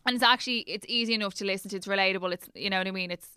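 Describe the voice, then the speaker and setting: A woman's voice: mid-range voice, rapid-fire, bright, forceful tone, smooth, no room sound, studio quality. A woman in her thirties co-hosting a podcast, telling a chatty story with many restarts. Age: 30s. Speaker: podcast co-host. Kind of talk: casual chat.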